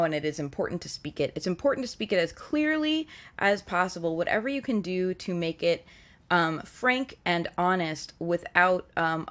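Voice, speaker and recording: A woman hosting a casual live-stream tarot reading, earnest and reflective as she gently advises her viewers. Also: lowish voice. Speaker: tarot reader and show host.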